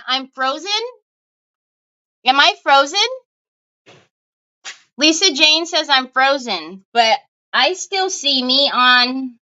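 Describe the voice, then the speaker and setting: A woman's voice: high-pitched, expressive, takes it slowly, pauses often, sharp tone, lo-fi sound. A woman hosting a casual craft livestream, chatty and giggly, greeting viewers by name as she talks into her phone at home.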